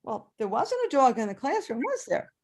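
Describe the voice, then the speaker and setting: An older woman performing a story at a live storytelling event, animated and acting out the voices and sounds. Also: high-pitched, moderate pace, background noise.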